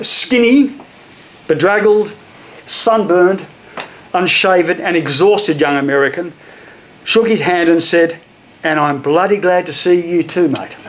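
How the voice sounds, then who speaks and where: A man giving remarks at a book launch, telling a story with pauses and small restarts. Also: on the high side, slight background noise, poor audio. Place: event hall.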